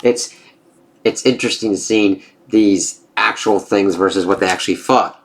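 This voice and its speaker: A man's voice: deep voice, fairly even intonation, moderate pace. A man reviewing a comic in a loose, casual way, swearing and saying "uh" and "it's like" often. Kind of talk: casual spoken review, reading aloud.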